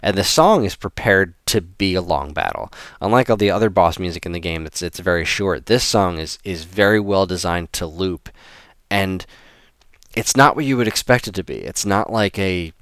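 Deep, smooth-voiced man rambling about music. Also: moderate pace, fairly bright tone, no room sound, studio quality. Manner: rambling, many restarts, enthusiastic. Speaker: host presenting video game music. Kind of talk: casual spoken commentary.

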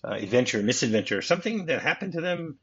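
A man's voice: mid-range voice, big pitch swings, fairly bright tone, slightly rough. A man hosting a casual film podcast, chatting and reading script passages aloud. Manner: reads script passages aloud, quick asides. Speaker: podcast host. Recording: dull lo-fi audio.

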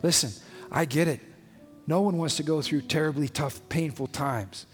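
A man's voice: a little high, normal speed. A male pastor preaching a sermon with emphatic, conversational delivery and frequent rhetorical questions. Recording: long hall reverb, faint music behind.

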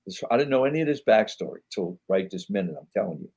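A man's voice: lowish voice, animated, fast talker, a little mellow, husky. A man, a podcast guest rambling through anecdotes with lots of fillers and voicing the people he quotes. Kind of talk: casual interview storytelling.

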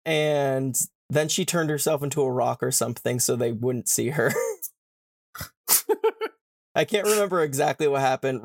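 A man's voice: medium pitch, gravelly, no echo, clean studio sound. A man hosting a podcast, casually retelling a book's plot, with swearing and slangy paraphrased dialogue. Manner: irreverent, swears, paraphrases characters in quick modern slang. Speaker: podcast host.

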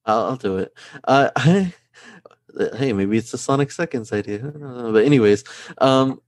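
A man hosting a podcast, talking in a chatty, excitable way with lots of "like". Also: medium pitch, moderate pace, no room sound, studio quality. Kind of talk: casual podcast chat.

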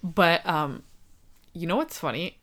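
A young woman chatting casually with a friend, her voice sitting a little low. She rambles through stories with plenty of fillers and breaks into laughter often. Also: expressive, slow pace, a bit bright. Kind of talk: casual chat.

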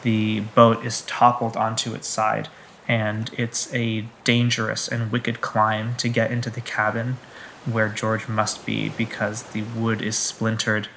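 A man narrating a tabletop game as game master, in measured, descriptive narration. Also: on the low side, completely flat delivery, vocal fry, a bit bright, a little hiss or hum, poor audio.

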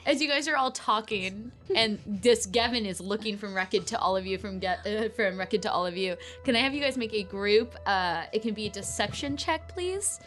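A woman's voice: mid-range voice, fairly quick, few pauses, fairly bright tone. Casual woman narrating a tabletop game. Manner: casual, rambling, many fillers. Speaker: game master.

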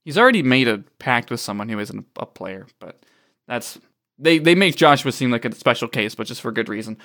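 A man's voice: mid-range voice, normal speed, a bit bright. A man co-hosting a casual let's play, joking, swearing and laughing as he narrates. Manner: jokey, laughs often, swears freely. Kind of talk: casual gaming banter.

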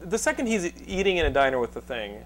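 A man hosting a podcast in casual chat, animated and teasing his guests. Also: fairly high pitch, fast talker, faint music behind. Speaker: podcast host.

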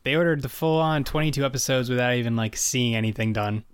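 A man's voice: medium pitch, fast, clear, resonant tone. A young man co-hosting a podcast, casually recounting a sitcom's history with plenty of filler words. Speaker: podcast co-host. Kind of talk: casual chat reviewing an old sitcom.

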